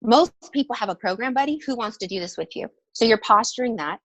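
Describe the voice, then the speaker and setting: A woman health coach giving energetic, emphatic tips on a training call. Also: on the high side, quick pace, no room sound, muffled recording.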